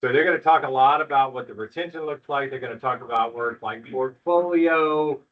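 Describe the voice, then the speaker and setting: A man's voice: mid-range voice, brisk. A middle-aged man, a school principal, speaks to parents at an evening school meeting in a folksy, joking, reassuring way. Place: school room with an audience. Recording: distant, muffled room recording.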